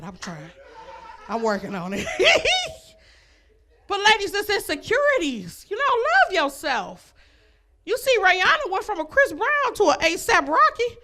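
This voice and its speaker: A woman's voice: sits high, sing-song, moderate pace, bright, forceful tone. A woman doing a stand-up comedy set, brash and laughing between her jokes, on a comedy club stage.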